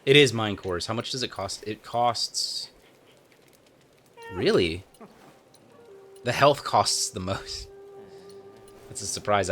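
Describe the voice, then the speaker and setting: Let's play host, man, low and creaky, casual and meandering, thinking out loud. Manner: rambling, thinking aloud with fillers. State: tired, yawning. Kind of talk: casual gameplay commentary.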